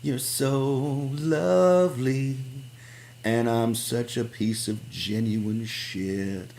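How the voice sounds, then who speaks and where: Guy doing a whiny high worship singer, slow and syrupy, putting himself down. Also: steady tone, creaky, darkish tone. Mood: mock devotion. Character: gushing self-loathing worship-song singer, man.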